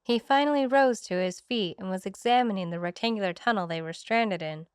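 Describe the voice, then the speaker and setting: A woman narrating a romance audiobook, slowing down for the romantic moments. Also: mid-range voice, clear, resonant tone, dry recording, clean studio sound.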